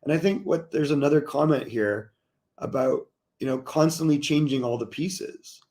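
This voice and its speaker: A man hosting a hockey talk show in a relaxed, chatty way, reading out viewer comments and giving his views. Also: a little high, normal speed. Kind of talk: casual sports talk.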